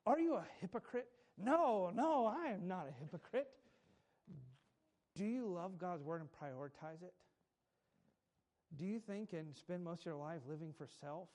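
A man's voice: fairly high pitch, darkish tone. A male preacher delivering a sermon with emphatic, repetitive phrasing and light chuckles.

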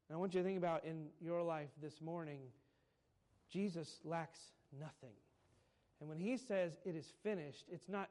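A man's voice: fairly high pitch, fairly even intonation, a little mellow. Man preaching with swelling emphasis. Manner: preaches with swelling emphasis, slowing on key phrases. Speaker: pastor. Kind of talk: sermon.

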